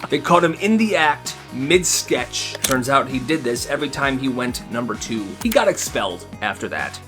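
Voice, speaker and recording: Brief: young male storyteller, wry and animated, lively pitch swings, slightly high voice. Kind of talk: storytime narration.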